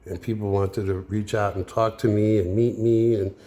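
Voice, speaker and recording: Guy ranting heated and profane, kinda low voice, rambling with lots of uh's. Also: level tone, normal speed, mellow. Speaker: radio hobbyist vlogger. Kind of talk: angry ranting monologue. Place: recorded with a handheld radio nearby.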